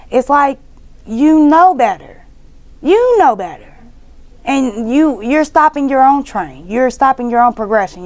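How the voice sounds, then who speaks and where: Blunt, gravelly-voiced woman tarot reader. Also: fairly high pitch. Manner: blunt, profane, scolding, emphatic. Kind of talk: casual tarot reading.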